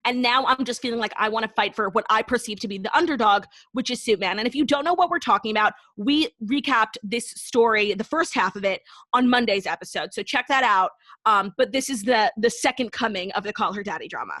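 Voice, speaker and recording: A woman's voice: on the high side, brisk, pushed and bright, dry recording. A young woman co-hosting a pop culture podcast, talking bluntly and casually, swearing freely and saying "like" a lot. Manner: blunt and frank, swears, lots of "like". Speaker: podcast co-host. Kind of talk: casual chat.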